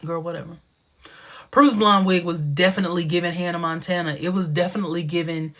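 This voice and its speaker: A man hosting a casual live stream, talking in a sassy, chatty way with a big booming laugh. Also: slight background noise. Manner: sassy, chatty, drawn-out expressive delivery.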